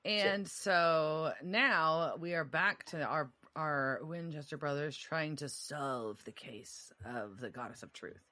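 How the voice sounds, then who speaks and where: A woman's voice: low-pitched, takes it slowly, few pauses, pushed and bright. A woman co-hosting a podcast, answering quiz questions in a laid-back, wry way and laughing easily. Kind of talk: casual podcast chat.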